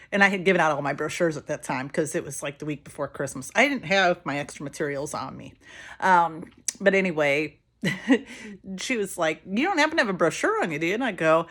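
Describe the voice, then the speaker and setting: A woman's voice: fairly low pitch, fairly bright tone. Chatty woman giving sales pep talk. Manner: chatty storytelling, acts out quoted voices. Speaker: direct sales team leader. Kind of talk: casual vlog advice while doing makeup.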